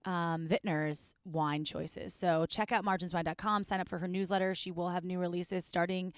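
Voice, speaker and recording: A woman with a Midwestern accent, from Wisconsin, co-hosting a casual podcast, chatty and quick to correct herself with a laugh. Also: on the low side, fairly even intonation, smooth, dry recording, studio quality. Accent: Midwestern American. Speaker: podcast co-host.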